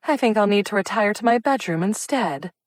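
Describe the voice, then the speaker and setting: A woman's voice: mid-range voice, expressive, fairly quick, no echo, studio quality, pitched above the performer's own voice, close to an everyday voice. A woman voicing a sardonic, theatrical young female amateur detective in an audiobook. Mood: arch. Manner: arch and sardonic, with put-on fainting.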